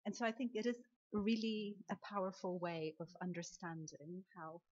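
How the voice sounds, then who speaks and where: A woman from the audience asking an academic question in a lecture hall, measured and thinking aloud. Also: mid-range voice, flat delivery, a little mellow. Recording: muffled lecture recording.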